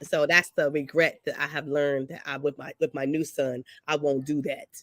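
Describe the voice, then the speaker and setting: A woman on a discussion panel, telling a story about her son in a casual, lively way. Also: low-pitched, normal speed, dry recording. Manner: storytelling, animated when quoting herself. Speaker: panel guest, mother.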